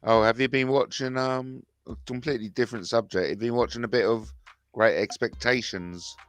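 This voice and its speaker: A man's voice: mid-range voice, fairly even intonation, brisk, clean tone, dry recording. A man hosting a casual chat show, easygoing and agreeable with his guest. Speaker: host.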